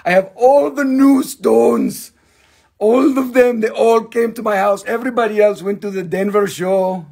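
A man's voice: high voice, a little slow, gravelly, darkish tone. A man hosting a casual live stream from home, chatting in a playful, joking, rambling way. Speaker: live-stream host selling stones.

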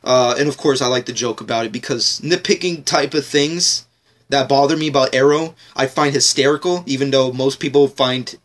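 A man's voice: medium pitch, moderate pace, a bit bright. A man ranting casually in a TV episode review vlog, rambling, joking and swearing heavily.

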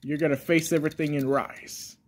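A man's voice: a little high, level tone, a little fast, lightly acted. A man voicing a preachy father who lectures his son and keeps calling him "son.". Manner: repeats "son" constantly, lecturing.

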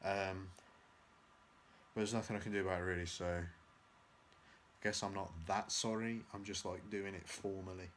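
Young guy rambling into his camera, kinda low voice, um's everywhere, teasing himself. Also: flat delivery, moderate pace, pauses often, fairly bright tone, a little hiss or hum. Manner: rambling, self-mocking, many fillers. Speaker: vlogger. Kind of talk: casual vlog chat. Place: at home, indoors and out. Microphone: handheld camera at arm's length.

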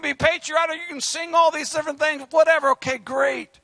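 Fiery preacher man, high voice. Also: fairly quick, gravelly, dry recording. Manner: animated preaching, joking asides, shouted exhortations. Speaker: pastor. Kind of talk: fiery sermon.

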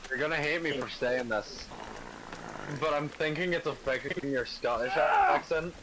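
A man's voice: a little high, normal speed, noisy background. A man chatting casually while gaming, a jokey storyteller. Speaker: co-player guest.

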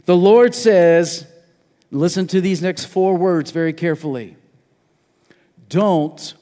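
High-voiced preaching pastor in a reverberant hall. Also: male voice. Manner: preaching, rising to loud emphatic urgency. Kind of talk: sermon. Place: church sanctuary.

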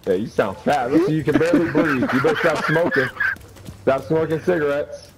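A man's voice: on the high side, fairly quick, heavy background noise. A young man trash-talking an opponent over game voice chat, taunting, crude and repetitive. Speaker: gamer streaming.

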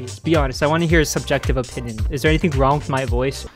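A woman YouTuber narrating a comedic vlog and joking deadpan on voice chat, often breaking into laughter. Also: rumbling low, very fast, over music.

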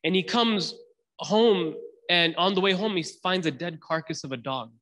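A man with a high, bright voice tells a story on a podcast, acting out each character's words. He mixes Arabic phrases into his English and keeps the telling lively. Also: normal speed, long reverb tail. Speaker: host.

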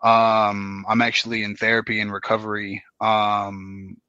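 A man in his thirties, a dance guest, talking in a relaxed, slangy way with many fillers. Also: fairly low pitch, measured pace, no room sound, highs cut off. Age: 30s. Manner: laid-back, slangy, lots of fillers. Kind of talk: casual podcast chat.

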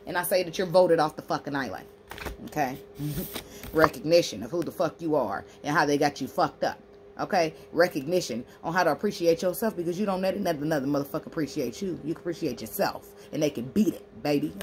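Low-voiced, brash, profane woman. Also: quick pace, slight background noise. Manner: brash, profane and emphatic, talking straight to the viewer; animated, acting out imagined speech in a sassy tone. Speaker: tarot reader and spiritual healer. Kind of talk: tarot card reading.

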